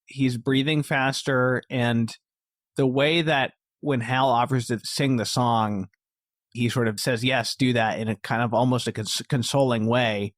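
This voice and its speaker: A man's voice: mid-range voice, steady tone, unhurried, no room sound, clean studio sound. Thoughtful man, podcast host. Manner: thoughtful, hesitant, many fillers. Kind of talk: casual film discussion.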